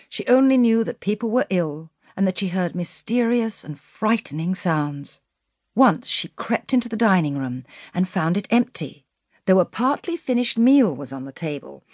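A woman narrating a classic children's novel as an audiobook, expressive and slowing for emphasis. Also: mid-range voice, no echo, studio quality. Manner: expressive storytelling, slows for emphasis.

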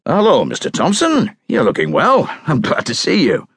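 A man's voice: fairly high pitch, wildly swooping pitch, normal speed, a bit bright, husky, no room sound, voice pushed up, full character voice. A man voicing a hearty sergeant major. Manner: hearty, jovial. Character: cheerful middle-aged soldier returning home.

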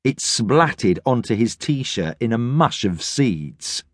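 A man narrating a children's audiobook in a lively storytelling manner. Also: mid-range voice, slow pace, dry recording. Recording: dry studio audiobook.

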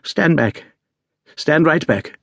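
A man voicing a feeble, imperious dying detective with a croaking, spasmodic voice in an audiobook. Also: mid-range voice, expressive, moderate pace, no room sound.

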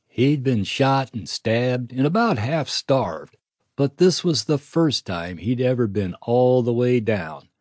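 A man narrating a western audiobook in a steady storytelling manner. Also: mid-range voice, takes it slowly, no room sound, studio quality. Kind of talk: scripted narration.

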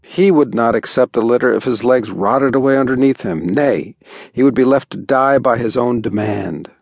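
A man voicing a sharp-tongued barbarian woman in a storybook reading, speaking bluntly. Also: medium pitch, moderate pace, vocal fry, no echo.

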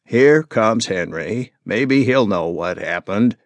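A male audiobook narrator voicing a calm, patient father in a quiet, lowered voice. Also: slow pace, no echo. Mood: defensive. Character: calm, steady father, low-key and patient. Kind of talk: audiobook character voice.

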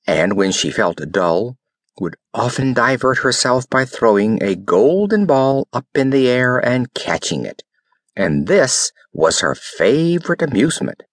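A man's voice: on the low side, no room sound, clean studio sound. A man narrating a fairy tale as an audiobook reader, telling it expressively. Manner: expressive storytelling.

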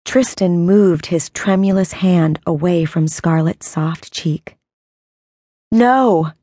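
A woman's voice: fairly low pitch, fairly even intonation, takes it slowly, mellow, no room sound, studio quality. A woman voicing a frantic, hot-tempered young man who cries out and snaps questions.

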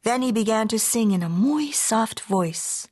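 A woman narrating a children's storybook in a lively, playful read-aloud manner. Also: on the high side, measured pace. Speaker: author reading her own book.

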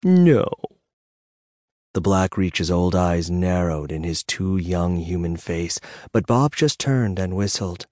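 Male fantasy audiobook narrator, measured and slow, dry studio sound. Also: low-pitched, no room sound. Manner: measured, even storytelling.

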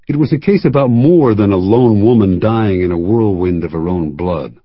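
Husky, dry-voiced male audiobook narrator. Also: fairly low pitch, no room sound, muffled recording. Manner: measured, wry storytelling with dropped asides. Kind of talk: first-person scripted narration.

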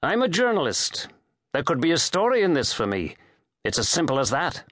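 A man's voice: a little high, wildly swooping pitch, normal speed, a bit bright, no echo, clean studio sound, pitched above the performer's own voice. A male narrator voicing a blunt journalist in an audiobook, asking short, probing questions. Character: blunt male journalist, the first-person hero. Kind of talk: audiobook character voice.

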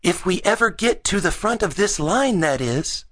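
A man doing an anxious, excitable young boy. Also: normal speed. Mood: eager. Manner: high-pitched, worried and whiny. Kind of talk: children's audiobook character voice.

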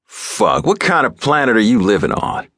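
A man's voice: medium pitch, very animated, moderate pace, fairly bright tone, dry recording, clean studio sound, voice pushed up. A man narrating an audiobook, playing a guarded, hot-tempered rancher who answers curtly and with a snarl. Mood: angry. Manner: curt, snarling. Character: tough rancher, guarded and quick to anger.

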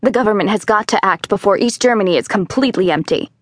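A woman voicing an older man, a worried neighbor who delivers urgent, grave warnings in a lowered voice. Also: quick pace, no echo, studio quality, natural voice.

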